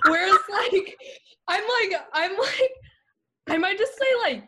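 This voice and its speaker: A young woman in casual chat, giggly and quick to joke. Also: very high voice, lively intonation, pushed and bright.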